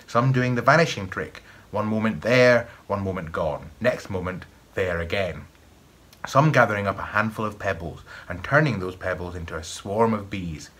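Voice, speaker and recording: Low husky Scottish storyteller man. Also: a bit bright. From East of Scotland. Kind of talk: folk tale reading.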